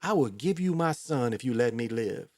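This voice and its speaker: A man's voice: medium pitch, expressive, normal speed, a little mellow, dry recording, studio quality, lightly acted. A man voicing a frightened king who pleads and bargains for his life in a told story. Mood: pleading. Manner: begging, bargaining.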